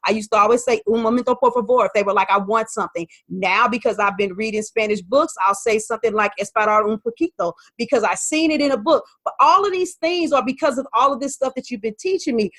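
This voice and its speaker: A woman, telling an animated story about learning Spanish. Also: a little high, no echo. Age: 40s. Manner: lively, animated storytelling with quoted voices. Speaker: podcast host and Spanish learner. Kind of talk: testimonial talk.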